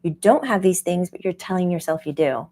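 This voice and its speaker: A woman who hosts a spiritual channel as a medium, teaching casually in an animated way and laughing often. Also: on the low side, fairly quick. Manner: animated, laughs often, acts out quoted voices.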